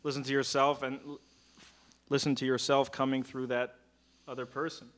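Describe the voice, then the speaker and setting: A man chatting casually as a conversation partner, lively and quick, acting out stressed words to make his point. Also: mid-range voice. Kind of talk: casual chat.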